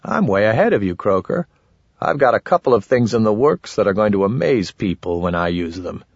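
A man voicing a squeaky, sly little male wizard with a wheedling, needling way of talking in an audiobook. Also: very animated, brisk, vocal fry, slightly rough, no room sound, muffled recording, exaggerated voice. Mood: smug.

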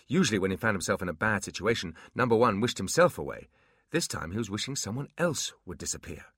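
A man narrating a fantasy audiobook in an expressive storytelling manner. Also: lowish voice, fast, husky, no room sound, studio quality.

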